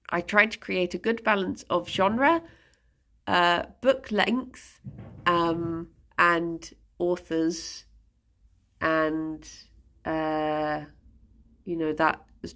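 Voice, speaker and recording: A woman chatting casually on a live stream, halting with fillers and breaking off to baby-talk to her pet. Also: lowish voice, lively intonation, a bit bright.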